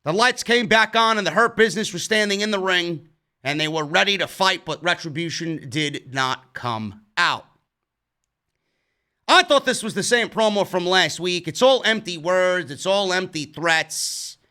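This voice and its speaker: A man's voice: sits high, expressive, measured pace, bright, forceful tone, smooth. A man with a New York accent reviewing a wrestling show, ranting heatedly and swearing a lot. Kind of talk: casual profane review rant.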